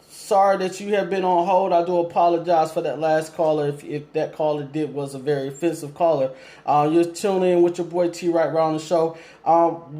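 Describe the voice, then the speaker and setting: A man's voice: sits high, dark tone. A man hosting a casual call-in talk show, speaking to listeners and callers directly with lots of ums, polite but firm. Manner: laid-back, lots of ums, asks listeners questions. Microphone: streaming setup with cameras.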